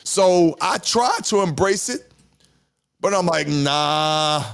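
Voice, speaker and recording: A man's voice: high voice, expressive, slow, creaky. Candid rambling man in his fifties. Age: 50s. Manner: candid, rambling, repeats himself and swears. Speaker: podcast host. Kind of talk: casual chat.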